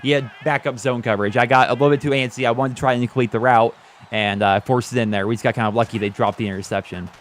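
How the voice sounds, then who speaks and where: A man's voice: mid-range voice, steady tone, fast. A young man giving casual commentary over a football video game, flustered and exasperated, often laughing in disbelief. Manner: flustered, exasperated, laughing at his own bad luck. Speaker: gaming YouTuber.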